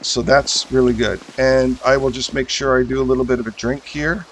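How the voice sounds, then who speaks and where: A man gives casual commentary on a survival game he is streaming, talking to himself as he sorts his gear. He fills his sentences with ums and half-starts. His voice sits at a mid pitch, with a faint hiss of rain behind it. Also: fairly even intonation, a little fast, poor audio. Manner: thinks aloud, mumbling fillers while sorting items.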